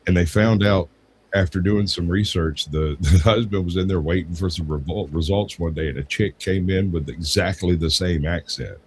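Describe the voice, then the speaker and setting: Brief: very low male voice, casual storyteller, faint room hiss. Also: moderate pace, low-quality recording. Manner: rambling anecdotes with acted quotes. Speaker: podcast co-host.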